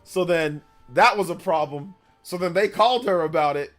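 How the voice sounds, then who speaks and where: This man's voice is a little high and moves at normal speed, with soft music playing behind. A gaming news streamer on a casual livestream, he spins rambling stories in slang, leaning on "bro" and "like," and becomes loud and animated as he tells them.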